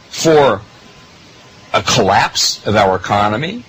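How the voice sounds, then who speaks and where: A man delivers a monologue to his listeners with emphatic stresses and pointed rhetorical questions. His pitch swings widely and sounds animated. A faint noise sits under the recording. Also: normal speed. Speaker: political commentary host.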